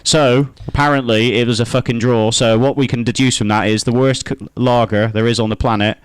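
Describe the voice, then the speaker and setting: A man's voice: medium pitch, steady tone, fairly quick, clear, resonant tone. A man co-hosting a podcast in loose debate banter, rambling, trailing off mid-sentence and swearing casually. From Scotland. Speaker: podcast co-host.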